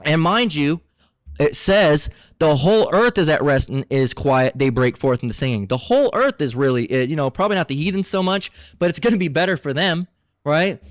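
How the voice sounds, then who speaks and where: A man preaching from scripture, reading verses aloud and breaking into halting, combative and mocking commentary with profane asides. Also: on the high side, lively intonation, no room sound, clean studio sound. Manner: halting, many restarts between readings.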